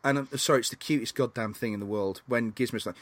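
A man co-hosting a casual film podcast, animated and swearing, acting out scenes in funny voices. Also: medium pitch, fast, no echo. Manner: animated, acts out scenes in silly voices, swears, laughs a lot. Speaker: podcast co-host.

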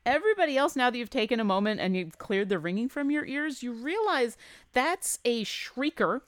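A woman running a tabletop game, narrating scenes and asking for rolls in an easy, descriptive way. Her voice is smooth and resonant at a mid pitch, and the recording is dry and close. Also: normal speed, no echo. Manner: descriptive, relaxed, with hesitant fillers. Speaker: game master.

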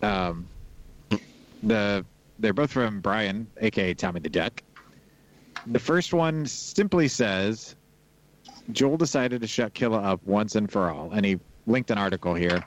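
Man, podcast co-host, casual chat, reads emails aloud, low voice, relaxed. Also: unhurried, pauses often, rough recording.

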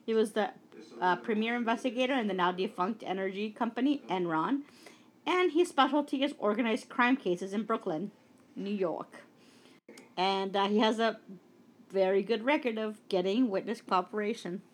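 A woman's voice: mid-range voice, normal speed. A candid, profane woman podcast host. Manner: candid and profane, recapping news with asides. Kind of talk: casual political news chat. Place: Brooklyn.

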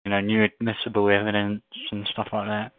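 A man on a community call, asking questions in a hesitant, halting way, often repeating words as he searches for them. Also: on the low side, completely flat delivery, clear, resonant tone, dry recording. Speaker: caller. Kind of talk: casual chat. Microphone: phone or call line. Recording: tinny phone line, dry.

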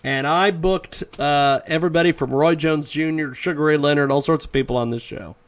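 A man hosts a radio show in a relaxed, chatty way, laughing often and pausing on fillers. His voice sits a little high. The recording is dull and lo-fi. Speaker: radio host. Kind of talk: casual radio chat.

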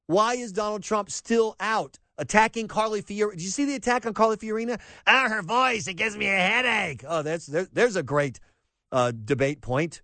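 A man hosts a talk radio show in a fairly high voice with a wide, swinging range. He is sarcastic and animated, riffing through an opinionated monologue. The sound is dry and close, like a studio microphone. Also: no room sound. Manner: sarcastic, animated, mocks quotes in put-on voices.

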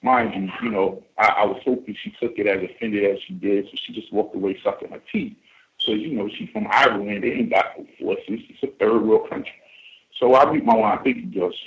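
A man from the United States calls in to a radio show over a phone line. His voice sits on the low side and moves fairly quickly as he tells a story in a casual, rambling way, full of fillers and restarts.

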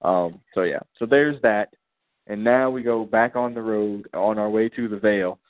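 A man's voice: fairly low pitch, moderate pace, no room sound. A man co-hosting a podcast, casually recapping episodes and acting out characters' lines in slang. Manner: laid-back, acts out characters' lines in slang. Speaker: podcast co-host. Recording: tinny phone-like line.

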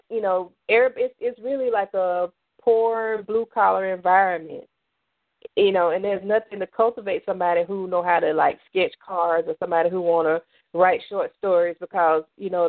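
A woman's voice: lowish voice, dry recording. A woman guest on a radio interview, chatting casually with lots of fillers and restarts, from the American South. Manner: rambling, many fillers and restarts. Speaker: author guest. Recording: tinny phone line, dry.

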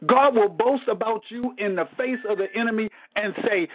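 A man's voice: high-pitched, normal speed, few pauses. A man, a pastor, teaching a Bible study in a conversational preaching style, emphatic and colloquial, often repeating phrases and breaking into praise. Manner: casual colloquial speech. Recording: dull lo-fi recording.

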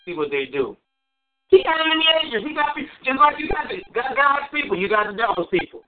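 Male pastor, very high voice, lively preaching that repeats key lines, heard through a tinny phone line. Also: fast. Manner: lively preaching, swings between high exclamations and low asides; repeats phrases for emphasis. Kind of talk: sermon.

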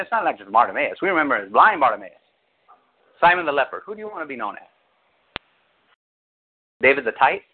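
Man, pastor, animated sermon, lively pitch, phone-like sound. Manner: animated preaching, acts out quotes with big pitch jumps. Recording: tinny phone-like audio.

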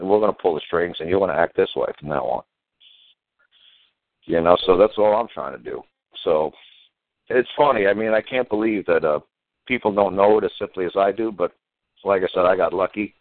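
A man's voice: sits low, fairly quick, dry recording. An older man hosting a radio show, talking in a plain, blunt, repetitive, folksy way over a tinny phone-line sound. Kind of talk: casual talk radio chat.

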